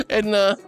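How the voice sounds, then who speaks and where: A woman streaming casual chat as a sweet archangel persona, her pitch swinging widely as she plays up mock grandeur. She shifts into a gentle, comforting tone for her viewers, with faint music underneath. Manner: playful, dramatic, comforting toward chat. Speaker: VTuber streamer.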